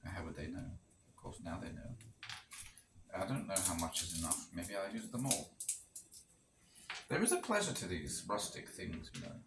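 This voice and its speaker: This cooking vlogger's low-pitched voice has lively intonation at normal speed, with frequent pauses, as he rambles casually and makes wry asides. He's at a gas stove in a rental kitchen where a pot boils, captured by a distant mic in a roomy, noisy recording.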